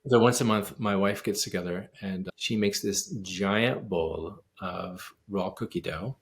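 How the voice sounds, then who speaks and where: Gravelly-voiced man telling an animated story. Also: deep voice, measured pace. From United States. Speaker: guest pianist and composer. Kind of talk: storytelling in a casual interview.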